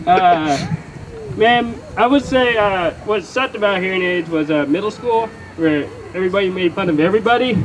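A man's voice: sits high, moderate pace, low-quality recording. A young man with a Texan accent doing a rambling, profane stand-up set in front of a live crowd, full of fillers and self-mocking asides. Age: young adult. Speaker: stand-up comedian. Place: comedy venue with live crowd. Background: audience laughing.

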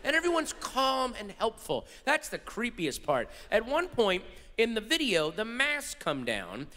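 A man performing a stand-up comedy routine on stage, animated, swinging between muttered asides and shouted rants. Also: high-pitched, unhurried. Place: large theater stage before a live audience. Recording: live hall recording with reverb.

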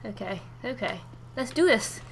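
A young woman giving let's-play commentary, excitable and swearing loudly at the game. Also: a little high, normal speed, gravelly, a little hiss or hum. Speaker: gaming streamer.

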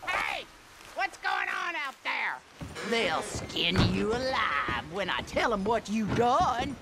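A woman's voice: on the high side, very animated, takes it slowly, very noisy, heavily acted. An actress voicing a mean, foul-mouthed old rural grandmother who hurls insults and threats, with a harsh, scolding voice. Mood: angry. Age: older. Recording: game audio with music behind.

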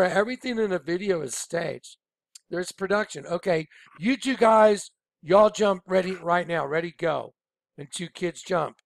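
A man's voice: on the high side, no room sound, clean studio sound. A man talking casually and emphatically over on-screen images, rambling and repeating his points. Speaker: online video presenter.

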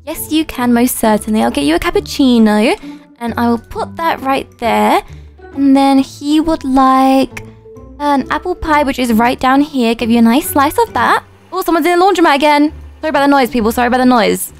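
A young woman giving chatty roleplay commentary, her voice high and bright. She gasps, jokes with herself and keeps up a playful running patter. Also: a little fast, gravelly, faint music behind. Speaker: YouTuber.

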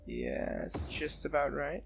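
A man giving casual gameplay commentary, excitable, often laughing and exclaiming at what he sees. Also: a little high, takes it slowly, creaky. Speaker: let's play gamer. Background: soft background music.

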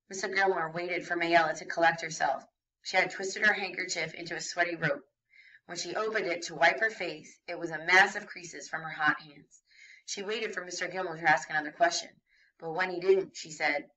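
Brief: woman teacher reading aloud, lowish bright voice, steady narration, dull distant recording. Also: normal speed. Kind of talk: reading a novel aloud to a class.

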